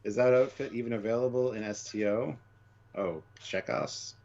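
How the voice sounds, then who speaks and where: A man's voice: medium pitch, moderate pace. A man co-hosting a casual live stream, chatting and reading out donor names. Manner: reads out donor names, lively banter. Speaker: podcast co-host. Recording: dull lo-fi stream audio.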